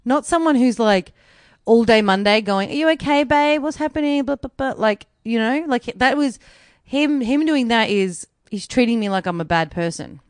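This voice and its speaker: A woman, co-hosting a podcast, telling a story in a lively way, acting out what others said and swearing freely. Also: on the high side, normal speed, smooth, no echo, clean studio sound. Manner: animated storytelling, acts out quotes, swears freely. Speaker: podcast co-host. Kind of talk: casual chat.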